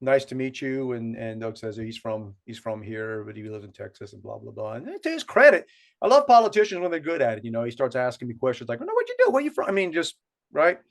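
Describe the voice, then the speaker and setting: The co-host's medium-pitched voice is expressive and fairly quick as he tells a drawn-out, restart-filled story. He has a South Louisiana accent, and the podcast talk is casual storytelling.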